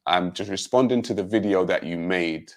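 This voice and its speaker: A man with a British accent, giving a measured, pointed rebuttal on a livestream panel, with many um fillers. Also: deep voice. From Jamaica. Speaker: panel guest.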